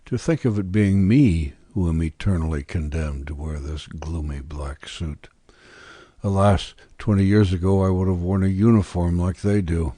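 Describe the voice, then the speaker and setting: A man's voice: low-pitched, moderate pace, few pauses, dark tone, dry recording. A man reading aloud as a young, ambitious, scheming peasant-born man, bitter and intense, with defiant outbursts. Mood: brooding. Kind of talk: audiobook character reading.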